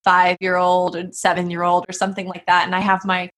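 A woman's voice: fairly low pitch, completely flat delivery, brisk, slight background noise. A woman hosting a casual interview, a midwife herself, asking questions with frequent laughs and fillers. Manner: warm questioning, laughs often, trails into fillers. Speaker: podcast host and midwife.

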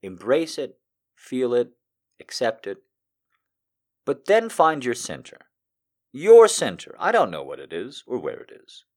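A man chatting live with his viewers, shifting from a soft earnest pep talk and story reading to loud joking rants. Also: mid-range voice, wildly swooping pitch, measured pace, long pauses. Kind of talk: casual live-stream chat and reading aloud.

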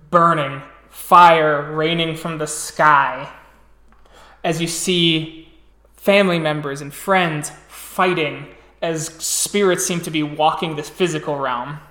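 A man narrating a tabletop game as storyteller, describing scenes slowly and restarting phrases as he goes. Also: fairly high pitch, steady tone, pushed and bright, echoey room.

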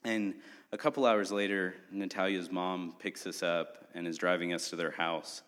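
A young man telling a humorous, animated story in a sermon. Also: deep voice, moderate pace. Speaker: preacher. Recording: long hall reverb.

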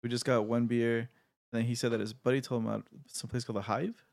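A man's voice: mid-range voice, little pitch movement, quick pace, vocal fry, darkish tone, no room sound, clean studio sound. A young man in casual chat, telling a long rambling story and swearing freely.

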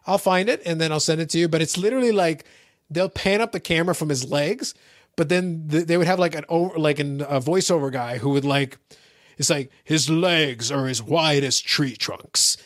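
A man hosting a podcast in casual chat, teasing and animated as he plays a clip for his co-host. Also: on the high side, fairly quick, no room sound, studio quality.

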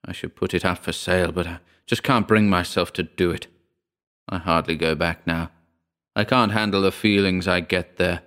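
A man reading a first-person horror short story aloud in a measured, somber storytelling manner. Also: deep voice, steady tone, fairly bright tone, clear, resonant tone. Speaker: audiobook narrator. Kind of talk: scripted horror story narration.

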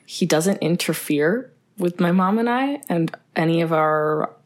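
A woman's voice: lowish voice, animated, unhurried. A young woman in casual chat, talking with many fillers and acting out quotes from a film. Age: young adult. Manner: chatty, lots of fillers, acts out quotes.

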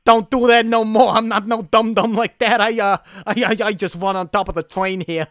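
A man's voice: high voice, steady tone, moderate pace, fairly bright tone, no echo, clean studio sound, pitched above the performer's own voice. A man doing an impression of a brash male train hobo, with a big, broad put-on Boston or New York accent. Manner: big, broad, swaggering delivery.

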